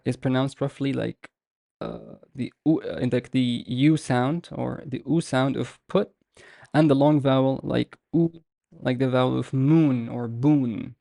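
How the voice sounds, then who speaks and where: A man talks through a beginners' lesson at an unhurried, deliberate pace, pausing on fillers and repeating each example word again and again. His voice is mellow with a gravelly edge, recorded dry and close. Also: medium pitch, no room sound. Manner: patient, repeats words slowly with many fillers. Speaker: language teacher. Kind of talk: slow explanatory lesson.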